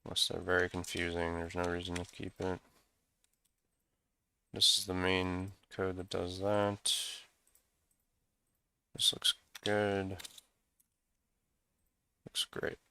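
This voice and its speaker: Guy with a low gravelly voice muttering thru his code, slow, thinking out loud. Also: flat delivery. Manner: thinking aloud, musing. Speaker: programmer screencasting code. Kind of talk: casual coding walkthrough.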